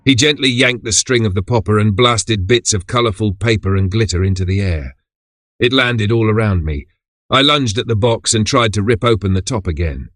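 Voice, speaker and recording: A man narrating a horror story in the first person in a steady, measured way. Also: lowish voice, no echo, studio quality. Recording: background music under voice.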